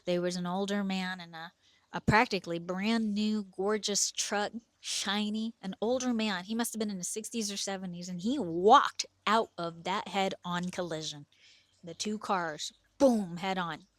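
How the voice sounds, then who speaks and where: A woman's voice: medium pitch, steady tone, normal speed, no room sound. Middle-aged woman telling a true story, earnest, dry close sound. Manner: vivid present-tense telling, earnest. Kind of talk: personal story told to camera.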